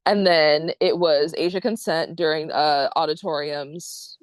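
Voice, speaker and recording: A drag king guest in a casual podcast interview, excitable and rambling, self-deprecating and quick to laugh. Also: low-pitched, no room sound. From Ohio.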